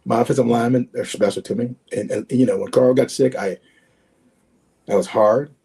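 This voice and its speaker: A man's voice: steady tone, brisk, creaky, warm tone. A man in his sixties, a former football player as guest, telling heartfelt stories over a video call, repeating words and acting out past conversations. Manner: repeats words, acts out quoted exchanges with rising pitch. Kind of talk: emotional storytelling.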